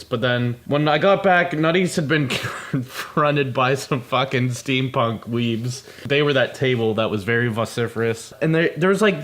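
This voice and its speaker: A young man from Canada, telling a crude story in casual talk, rambling and profane, often trailing off and starting over. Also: on the high side. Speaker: podcast co-host.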